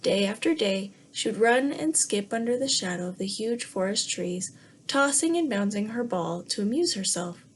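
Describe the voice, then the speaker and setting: A woman teacher reading a fairy tale to young children in a gentle way, pausing to ask the class questions. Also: medium pitch, animated, slight background noise. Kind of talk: read-aloud lesson for young children.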